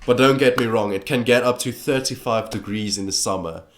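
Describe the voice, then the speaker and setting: A South African teenage boy with a South African English accent rambles in a casual vlog reacting to assumptions, full of fillers and restarts. His voice is medium-pitched, a bit bright and fairly quick.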